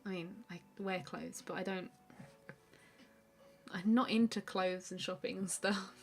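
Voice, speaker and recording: Woman, live-stream art host, relaxed rambling chat, mid-pitched voice. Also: a little slow, breathy edge, soft background music. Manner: relaxed and chatty, many fillers, answers viewer questions. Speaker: artist hosting a live stream. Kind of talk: casual chat while drawing.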